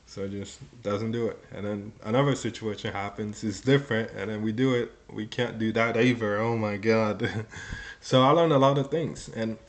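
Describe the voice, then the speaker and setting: A man's voice: lowish voice, fairly even intonation, normal speed. A young man in his twenties telling his own story in a rambling, casual way, full of "like" and "you know" and some swearing.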